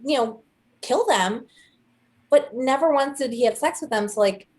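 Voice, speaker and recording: A young woman co-hosting a casual chat, telling a story with animated quoted voices. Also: sits high, normal speed. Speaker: podcast co-host.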